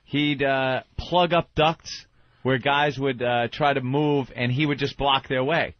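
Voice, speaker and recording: A man hosting a radio show, telling a story in a relaxed, casual way. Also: mid-range voice, unhurried, no echo. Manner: laid-back storyteller. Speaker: radio host. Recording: dull radio broadcast audio.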